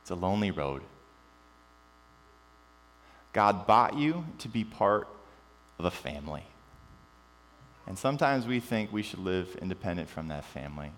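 A pastor preaches at normal speed in a reverberant church hall, his lowish voice climbing into animation and dropping to quiet emphasis. Beneath the long reverb sits a faint mains hum.

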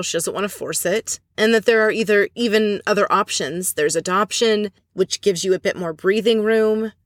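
A woman talks through a recap in a loose, chatty way, dropping opinionated asides as she goes. Her voice sits at an ordinary middle pitch. The sound is dry and close, with no room echo. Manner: chatty, opinionated, retells scenes with quick asides. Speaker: podcast host recapping a reality show. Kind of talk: casual recap commentary.

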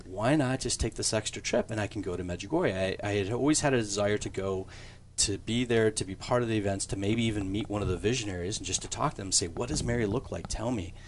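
A man in his fifties with a lowish voice tells his own conversion story as a priest guest on a radio show. He talks earnestly, in a loose and conversational way, pausing on fillers, and there is a faint hiss behind him.

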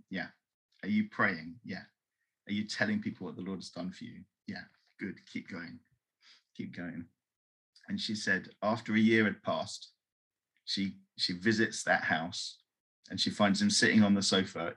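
Bright, husky-voiced man telling a story. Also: deep voice, moderate pace. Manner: animated, acts out voices in quotes. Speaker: guest telling a missionary story. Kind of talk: storytelling in an interview.

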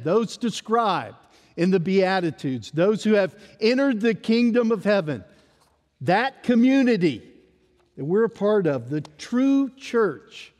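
Slow, emphatic preacher in a reverberant hall. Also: male voice, high-pitched. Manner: emphatic, drops to a hush at phrase ends. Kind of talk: sermon.

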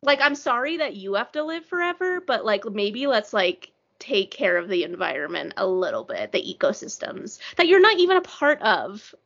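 A woman's voice: mid-range voice, big pitch swings, normal speed, hardly any pauses, fairly bright tone. A woman co-hosting a casual book chat, rambling with lots of "like" and anxious humor. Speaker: book podcast co-host. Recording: dull lo-fi sound.

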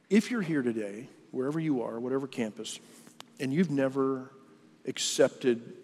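Male pastor, mid-pitch, conversational sermon delivery with frequent restarts, big hall reverb. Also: a little mellow. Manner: conversational preaching with repeated restarts. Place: church auditorium. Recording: long church hall reverb.

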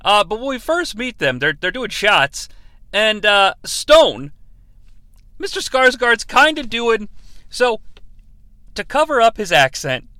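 A man hosting a podcast, giving a jokey, profane, animated movie review. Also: sits high, slow, pauses often, no room sound. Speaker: podcast host.

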